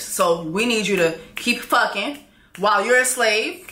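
A woman giving a casual, candid TV episode recap with frank, profane, animated storytelling. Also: medium pitch, measured pace, reverberant. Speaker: TV recap vlogger.

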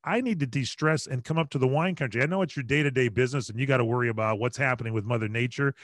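A man's voice: medium pitch, dry recording. Middle-aged radio guy telling stories, chatty and jokey, dry close sound. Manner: lively, chatty, quick to joke. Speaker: radio broadcaster, guest. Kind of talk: animated storytelling in conversation. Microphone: video call.

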